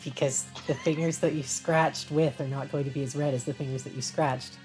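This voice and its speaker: A woman's voice: sits low, steady tone, brisk, darkish tone, soft background music, low-quality recording. A woman streamer chatting casually and with amusement while playing a game, full of fillers.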